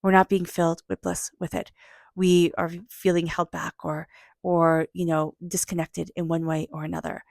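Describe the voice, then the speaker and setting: A woman's voice: lowish voice, level tone, moderate pace, gravelly, darkish tone, dry recording, studio quality. A woman giving an intuitive tarot reading, speaking earnestly and reflectively straight to her viewers. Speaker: tarot reader.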